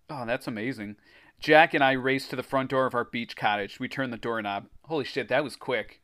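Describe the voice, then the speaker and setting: This podcast host speaks a little quickly, his mid-range voice a bit bright. As he reads a children's horror story out loud, he stops now and then for swearing, laughing asides.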